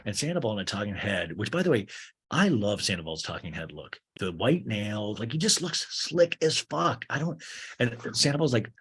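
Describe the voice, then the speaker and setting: A man's voice: on the low side, very animated, moderate pace, fairly bright tone, breathy edge. A man hosting a podcast, recapping a TV show in a rambling, crude, wry comic style. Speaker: podcast host. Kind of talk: comedic TV recap.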